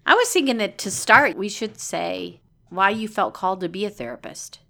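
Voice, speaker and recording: A woman's voice: medium pitch, animated, normal speed, creaky, bright, forceful tone. A middle-aged woman co-hosting a podcast as a counselor, telling stories casually with dry, teasing humor. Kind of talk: casual chat.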